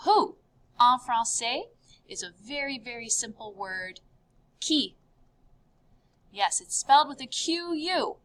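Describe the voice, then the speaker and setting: In this recorded French lesson, the upbeat female teacher, whose pitch runs fairly high, repeats every word with sharp upward inflections as a drill.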